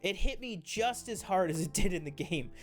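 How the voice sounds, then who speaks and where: A man's voice: high voice, expressive, moderate pace, soft background music. A man co-hosting a casual TV review chat, enthusiastic and rambling, with many fillers and restarts. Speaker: co-host of a TV review show.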